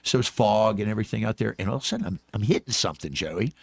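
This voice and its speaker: A man's voice: lowish voice, very animated, rapid-fire, gravelly, husky, no room sound. A man co-hosting a radio talk show, telling a long story with stutters and restarts. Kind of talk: casual studio banter.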